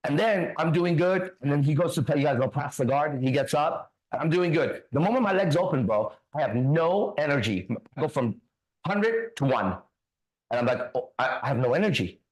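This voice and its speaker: A man hosting a faith talk show, telling a story in a casual, profane, animated way and acting out the other voices. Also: on the high side, normal speed, poor audio. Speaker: ministry host.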